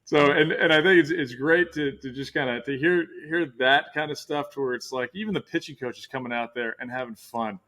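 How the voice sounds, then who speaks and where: A man's voice: medium pitch, fairly quick, hardly any pauses, sharp tone. A middle-aged man hosting a casual interview, talking in a rambling way with many restarts. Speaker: podcast host.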